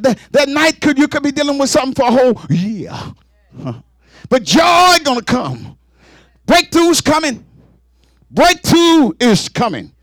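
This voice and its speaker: A man a sermon in a whooping, sing-song style, with sudden exclamations and rapid repeated words. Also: high-pitched, a bit bright, no room sound, studio quality. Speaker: preacher.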